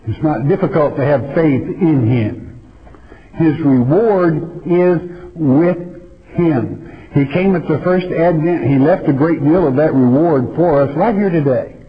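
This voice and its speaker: A man preaching a sermon in a folksy, emphatic way, reading scripture slowly and deliberately. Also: a little high. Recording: dull lo-fi recording.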